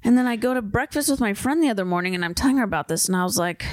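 A woman's voice: medium pitch, animated, racing, no room sound, clean studio sound. A young woman co-hosting a podcast in casual, rambling chat, laughing often and saying "like" a lot. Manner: giggly, rambling, full of "like". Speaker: podcast co-host.

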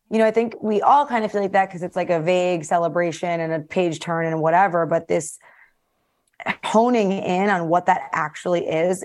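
Enthusiastic woman guest, lowish voice. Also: a little mellow. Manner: effusive, enthusiastic, fast talker. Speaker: podcast guest. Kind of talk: casual chat.

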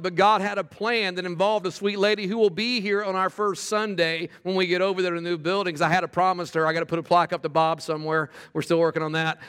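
A middle-aged male pastor preaching with a high, lively voice. He tells stories animatedly, tripping over his words as he starts sentences, then drops into quiet, fervent prayer. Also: clean tone, in a large hall. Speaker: pastor planting a church. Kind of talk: sermon with storytelling.

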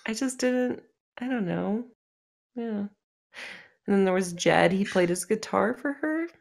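A woman's voice: medium pitch, animated, a little slow, gravelly. A woman hosting a casual podcast chat, laughing often and swearing freely. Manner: swearing, laughing, spoiler-savvy. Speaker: podcast host. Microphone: desk microphone.

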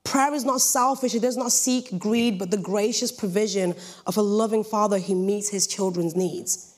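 A woman's voice: mid-range voice, normal speed. Jokey young British woman preaching. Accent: British English. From Britain. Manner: lively, jokey storytelling. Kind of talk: sermon.

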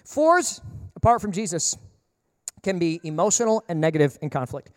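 A male pastor preaching with a notably high voice, animated and emphatic, with humorous asides. The sound carries the long reverb of a large church hall. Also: normal speed, studio quality. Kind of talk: sermon.

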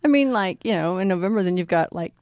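A woman's voice: on the low side, expressive, quick pace, a little mellow, no echo, clean studio sound. A middle-aged woman co-hosting a podcast, chatting casually in a blunt, emphatic way and swearing freely. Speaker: podcast co-host. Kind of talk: casual chat.

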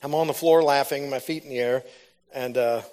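Here a man with a steady, mid-range voice preaches fairly quickly. He shares his personal testimony in a storytelling way before escalating into fervent preaching at full volume.

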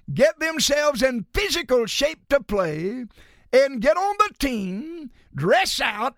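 A man preaching a sermon as a pastor, rising into shouts and then dropping low and slow. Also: gravelly, dry recording, studio quality.

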